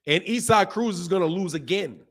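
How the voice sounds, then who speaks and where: A man in his fifties hosting a boxing live stream, ranting at his chat in an animated, exasperated way. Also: sits high, brisk. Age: 50s. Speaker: boxing channel host.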